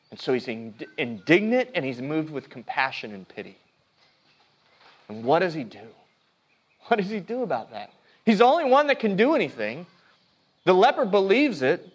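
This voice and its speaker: A male pastor giving a sermon, preaching earnestly, swinging between hushed and emphatic, often stopping and restarting mid-phrase. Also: fairly high pitch, very animated, moderate pace, long pauses.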